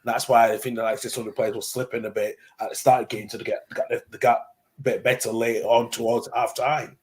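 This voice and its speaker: A man's voice: mid-range voice, little pitch movement, fast talker. A man co-hosting a casual football watchalong, rambling, repeating words and trailing off. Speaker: co-host.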